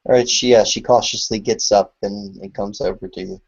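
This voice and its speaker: Husky game master on a video call. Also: male voice, on the low side, fairly even intonation, a little fast. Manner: hesitant, full of filler words. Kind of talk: narrating a tabletop horror game. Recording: lo-fi online call audio.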